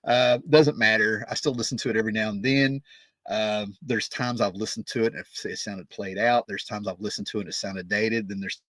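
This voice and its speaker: Low-voiced rambling storyteller man. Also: fairly even intonation, brisk, a bit bright, no room sound. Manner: rambling, full of "right?" and "you know". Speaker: music vlogger. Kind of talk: casual storytelling.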